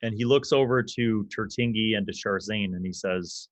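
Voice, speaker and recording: A man's voice: lowish voice, moderate pace, dry recording. A man narrating a tabletop game as game master in a casual way, with loose fillers.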